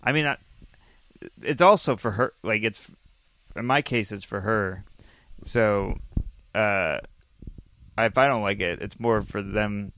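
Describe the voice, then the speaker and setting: A man's voice: lowish voice, takes it slowly, pauses often, fairly bright tone. A man telling stories in a casual chat, rambling and restarting sentences, laughing often.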